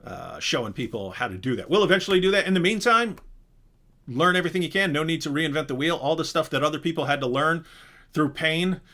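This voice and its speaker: A man runs a live Q&A stream, chatting casually and animatedly in a rambling manner, often breaking off to restart. His voice is fairly high and his pace quick.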